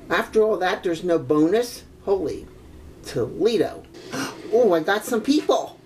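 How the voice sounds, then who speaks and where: A woman's voice: fairly low pitch, animated, a little slow, a little mellow, slight background noise. An older grandmother casually commenting as she plays a video game, chatty and exclamatory, with old-fashioned oaths and frequent giggles. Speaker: gaming grandmother.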